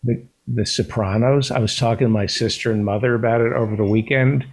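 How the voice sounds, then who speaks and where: A man's voice: medium pitch, steady tone, brisk, a little mellow, rough recording. A man hosting a talk show, chatting casually and effusively, repeating himself for emphasis. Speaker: host. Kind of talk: casual chat.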